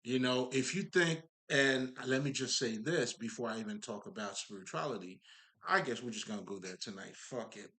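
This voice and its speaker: A man's voice: mid-range voice, moderate pace, sharp tone. A man giving a casual spiritual monologue, emphatic and profane, rambling with many fillers and asides to his listeners. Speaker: spiritual talker.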